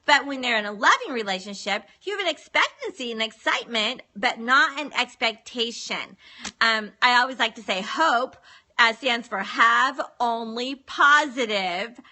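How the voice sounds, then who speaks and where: A woman's voice: fairly high pitch, animated, moderate pace, bright, forceful tone. A woman, talking as a relationship counselor in a chatty, earnest live stream, repeating words for emphasis, recorded on a phone. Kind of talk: live-streamed advice talk.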